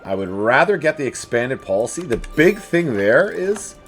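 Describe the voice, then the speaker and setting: A man talks through his strategy game in a loose, chatty way, his pitch swinging up and down as he taunts the enemy nations on screen. His voice sits at an ordinary middle height. Faint music plays under him. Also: normal speed. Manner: animated, chatty, talks to the game's enemies. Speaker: let's play host. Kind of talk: casual strategy game commentary.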